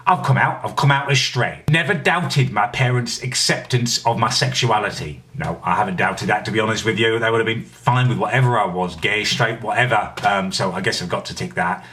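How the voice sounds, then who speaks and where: A young man hosts his own vlog, delivering dry, sardonic commentary full of indignant asides. His voice sits on the low side. He is picked up from a little way off the mic. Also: sharp tone, distant mic. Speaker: vlogger host. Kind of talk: casual comedic vlog commentary.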